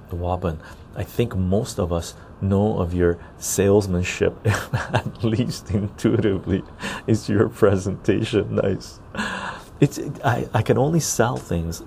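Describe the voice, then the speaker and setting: A man with a low, gravelly voice talks casually on an outdoor patio, chatting with his viewers. His tone is dark and easygoing, and he keeps adding a friendly "right?". A faint outdoor hum sits behind him. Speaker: podcast host. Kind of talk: casual chat while reading live chat.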